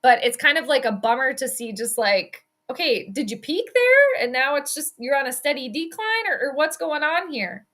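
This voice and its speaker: A young woman calls a football game live for her stream, high-pitched and bright. She rambles and gets heated, cursing freely at what she sees as bad calls. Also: normal speed, few pauses. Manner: excited, swearing, rambling fan commentary. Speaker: host.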